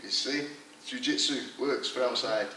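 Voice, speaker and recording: A man's voice: medium pitch, a little slow, pushed and bright. A man interviewing a guest, asking questions hesitantly with frequent ums. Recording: echoey room, distant mic, faint noise.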